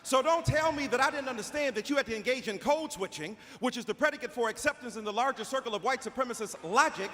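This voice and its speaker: A man from Detroit giving an impassioned speech as a panelist, with a preacher-like cadence, repeating phrases and shouting. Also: very high voice, animated, quick pace, few pauses. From Detroit, Michigan. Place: large auditorium before live audience. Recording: echoey hall with faint noise.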